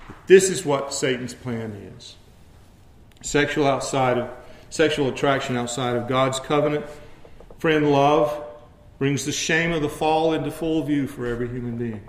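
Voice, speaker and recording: A man preaching a sermon as pastor, dropping to hushed low asides and then rising into emphatic passages. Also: roomy sound.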